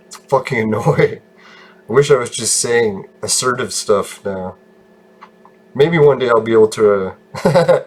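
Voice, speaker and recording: A man's voice: medium pitch, breathy edge. A man casually commenting on his own gameplay, rambling, laughing often and swearing. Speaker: gaming video host.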